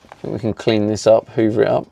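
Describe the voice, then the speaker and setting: A man's voice: fairly low pitch, level tone, fast, creaky, mellow, no echo. A British man streaming live, chatting casually with viewers and laughing often as he works. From Britain. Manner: chatty, laughs often, answers chat while working.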